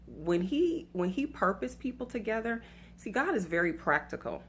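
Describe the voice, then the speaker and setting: A woman's voice: medium pitch, sing-song, a little slow, fairly bright tone, a little hiss or hum. A woman from the US South with a Southern accent, giving faith-based dating advice in a chatty, playful way and talking straight to her viewers. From Atlanta, US South. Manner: chatty, playful, laughs at her own story; addresses viewers directly as y'all.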